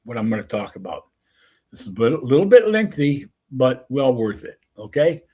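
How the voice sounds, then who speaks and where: A man who works as a softball umpire, telling a rambling anecdote full of restarts and asides. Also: mid-range voice, big pitch swings, normal speed, breathy edge. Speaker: softball umpire and show host. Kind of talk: casual storytelling.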